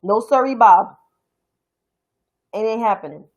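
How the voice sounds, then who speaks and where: On her own stream, a young adult woman from New York City delivers a blunt, profane, heated political rant in a New York accent. Her slightly high voice has lively intonation and a measured pace, and the recording is rough.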